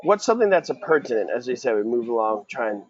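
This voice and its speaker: A man's voice: mid-range voice, big pitch swings, fast, dull audio, a little hiss or hum. A man tutoring a student for a real estate exam in a casual question-and-answer session, quizzing and encouraging.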